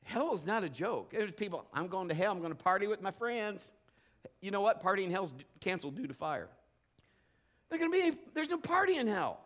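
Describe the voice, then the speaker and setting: High-voiced preacher, rising to emphatic calls. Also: male voice, very animated, brisk, a bit bright. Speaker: pastor. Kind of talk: sermon.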